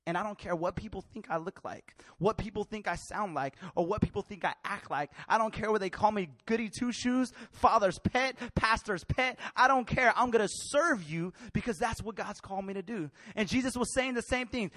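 A man preaching a sermon in a lively, colloquial way, acting out scenes with slangy voices. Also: sits high, brisk, hardly any pauses, dry recording. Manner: animated, colloquial, acts out Bible characters in street slang.

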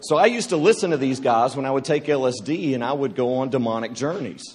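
A man delivers a testimony-style sermon at a church retreat. He tells it like a lively, humorous story and acts out each scene as he goes. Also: medium pitch, quick pace, slightly rough. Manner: animated, joking storyteller who acts out scenes. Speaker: retreat speaker.

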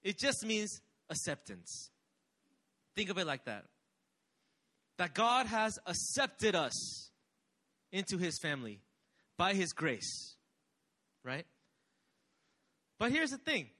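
A man's voice: high-pitched, very animated, slow, long pauses, pushed and bright. A young man preaching a sermon with energy, calling on the congregation to respond. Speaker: pastor.

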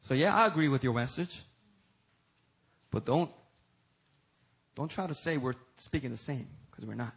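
A man preaching a sermon as pastor, swinging between loud emphatic peaks and low, intense passages. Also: vocal fry, husky.

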